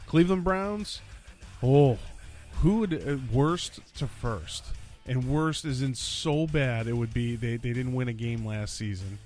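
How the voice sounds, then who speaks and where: A man based in Orlando hosts a casual solo sports podcast. Speaking at a medium pitch, he talks in an animated, rambling way and repeats lines for emphasis.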